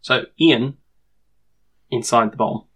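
A man's voice: mid-range voice, slow, a bit bright, slightly rough, faint music behind. A man co-hosting a podcast, rambling through a TV episode recap and acting out scenes. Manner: rambling, acts out scenes in voices. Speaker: podcast co-host. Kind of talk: casual chat recapping a TV episode.

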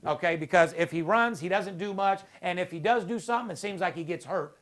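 A man's voice: high-pitched, brisk, a bit bright. A man hosting a sports betting podcast, talking brashly and profanely, all hyped up. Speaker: podcast host. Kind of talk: casual sports betting talk.

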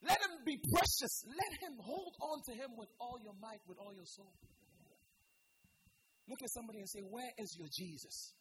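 A preacher giving a church sermon to the congregation, swinging between loud exhortation and quiet pleading. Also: medium pitch, lively intonation, moderate pace, pauses often, a little hiss or hum, low-quality recording. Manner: addresses the congregation directly with repeated calls. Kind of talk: sermon with altar call. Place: church service.

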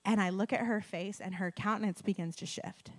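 A woman preaching a sermon, telling a healing story in an animated way, sometimes dropping her voice low. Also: brisk. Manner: animated storytelling, drops to whispers. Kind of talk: sermon with testimony.

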